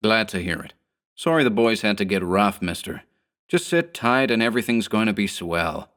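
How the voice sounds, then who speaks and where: A man's voice: lowish voice, expressive, normal speed, fairly bright tone. A man voicing a small, slick gang boss who speaks in 1930s gangster slang with a snarl and scorn. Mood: scornful.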